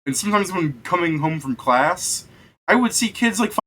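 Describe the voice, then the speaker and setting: A man's voice: high-pitched, expressive, moderate pace, pushed and bright. A young man, the game master, telling a long rambling story in casual chat, swearing often and laughing.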